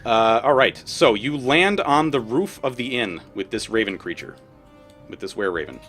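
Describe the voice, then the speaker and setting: A man narrating a tabletop game as game master, casual and halting with many fillers. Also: medium pitch, expressive, a bit bright, faint music behind.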